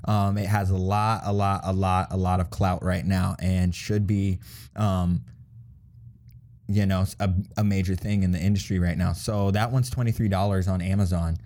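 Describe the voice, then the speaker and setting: A man's voice: low-pitched, steady tone, normal speed, a little mellow. A young man co-hosting a casual podcast chat, rambling through a list with fillers and frequent laughs. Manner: rambling, laughs often, imitates people. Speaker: podcast co-host.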